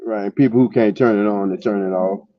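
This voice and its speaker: A man's voice: fairly low pitch, steady tone, brisk. A man co-hosting a casual podcast chat, blunt and profane, laughing as he talks. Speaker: podcast co-host. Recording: dull dry lo-fi sound.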